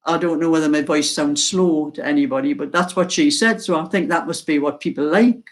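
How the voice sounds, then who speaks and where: With a low voice and a mild Geordie accent, an older woman from North East England chats slowly and casually to the viewers of her knitting channel. She laughs often as she hosts.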